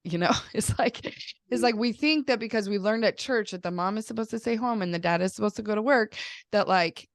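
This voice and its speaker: A woman who is a mother, hosting a podcast in casual chat, talking fast with lots of "like" and animated storytelling. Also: medium pitch, dry recording, studio quality. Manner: chatty, says "like" often, animated storytelling. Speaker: podcast host; mother of young children.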